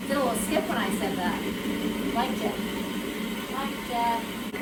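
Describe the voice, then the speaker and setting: A woman's voice: fairly high pitch, a little slow, far from the mic, heavy background noise. Playful woman baking in an echoey kitchen. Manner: goofy, jokes and chats to herself while working. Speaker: baking show host. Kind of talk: playful cooking demonstration.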